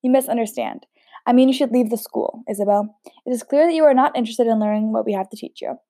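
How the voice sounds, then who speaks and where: A woman voicing a composed headmistress, speaking in a calm, firm, measured way. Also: fairly high pitch, natural voice.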